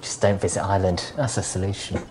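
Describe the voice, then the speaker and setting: A woman's voice: a bass voice, steady tone, fast talker, noisy background. A sleep-deprived woman co-hosting a podcast in casual chat, with a dry, self-mocking sense of humour. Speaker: podcast co-host.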